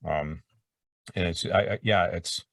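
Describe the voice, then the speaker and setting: A man's voice: low voice, unhurried, a bit bright, dry recording, clean studio sound, far from the mic. A middle-aged man telling stories as an interview guest, rambling and breaking off mid-sentence, acting out what people said. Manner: rambling, self-interrupting, acts out quotes. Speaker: voice actor guest. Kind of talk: casual interview storytelling.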